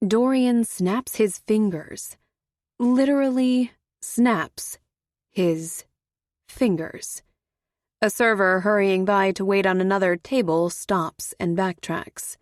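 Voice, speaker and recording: Female audiobook narrator, first person, measured and wry, close dry mic. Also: medium pitch, dry recording.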